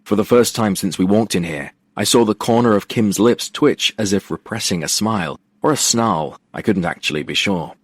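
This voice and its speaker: A man narrating a romance audiobook in the first person, wry and expressive, on a close studio mic. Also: fairly low pitch, moderate pace, few pauses, slightly rough, dry recording.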